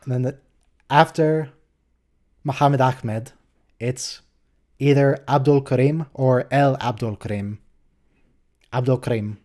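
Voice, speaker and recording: A man's voice: medium pitch, steady tone, unhurried, pauses often, darkish tone. A man hosting a casual live watch-along, teasing a viewer and coaching pronunciation in a playful way. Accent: American. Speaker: host.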